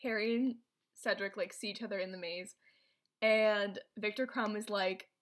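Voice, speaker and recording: A woman's voice: medium pitch, steady tone, normal speed. A woman casually recapping a movie plot as a co-host, rambling with lots of filler words. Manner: rambling, filler-heavy storytelling with many "like"s. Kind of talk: casual chat.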